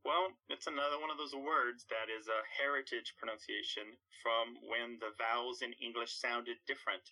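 A man's voice: medium pitch, steady tone, moderate pace, sharp tone, poor audio. A man speaking as a language expert guest, explaining things thoughtfully and at length with small restarts. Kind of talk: explanatory conversation.

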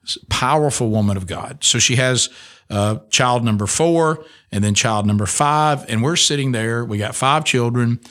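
A man's voice: medium pitch, moderate pace, a bit bright. A middle-aged man, a radio host telling an emotional personal testimony in an earnest way, full of restarts. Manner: earnest storytelling with many restarts.

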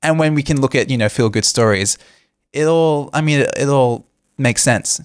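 Young man, mid-pitched, earnest commentary with fillers, dry close recording. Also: normal speed, clean tone, no room sound. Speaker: co-host. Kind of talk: casual political commentary.

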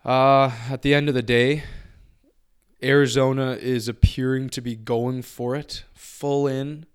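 A man's voice: mid-range voice, flat delivery, a little slow, smooth. A man co-hosting a casual sports podcast, blunt and offhand, swearing now and then. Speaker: podcast co-host.

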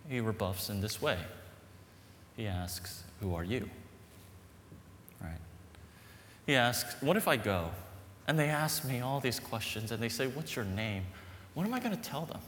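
A man preaching a sermon with an animated, emphatic delivery. His voice carries a long reverb from a large, echoing hall. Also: medium pitch, a little slow, pauses often, a little hiss or hum. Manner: animated, emphatic, storytelling with laughs. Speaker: pastor.

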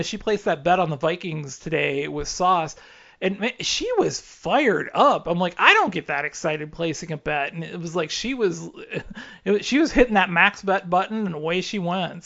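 Man, co-host, casual chat, gravelly, rambling, filler-heavy, dull lo-fi audio. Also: a little high, a bit bright. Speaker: podcast co-host. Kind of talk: casual sports-radio chat.

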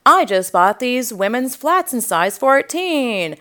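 Woman imitating a proud bragging man, slightly raised pitch, smooth clear tone, slow drawn-out delivery. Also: big pitch swings, bright, forceful tone, exaggerated voice. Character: boastful man bragging about doing drag.

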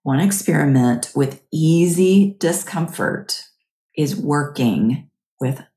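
Female podcast host; deep, slow delivery; friendly coaching tone; reverberant room. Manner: gentle, chatty, often asks "right?". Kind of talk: guided mindfulness talk.

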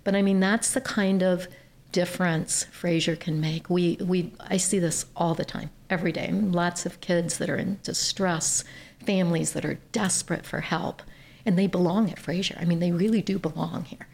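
A woman's voice: on the low side, normal speed, gravelly. A woman from Ohio, a nonprofit chief executive, telling an earnest story as a podcast guest. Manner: earnest, animated when quoting others. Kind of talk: conversational storytelling.

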